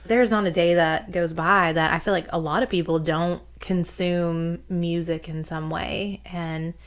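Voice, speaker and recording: A woman's voice: fairly low pitch, steady tone, unhurried. A woman chatting casually, with a loose, filler-heavy way of talking. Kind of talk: casual conversation.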